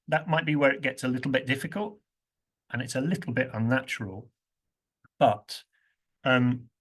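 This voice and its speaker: Male workshop trainer, medium pitch, leads stress drills on a video call. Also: fairly bright tone. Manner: rhythmic, repeats drill phrases with strong stress. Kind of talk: online pronunciation workshop teaching.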